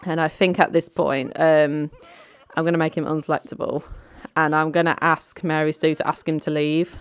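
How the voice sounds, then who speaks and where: A woman's voice: low-pitched, flat delivery, moderate pace, clean tone. A woman chatting casually as she narrates a life-sim game. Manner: chatty, lightly amused. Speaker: let's play host.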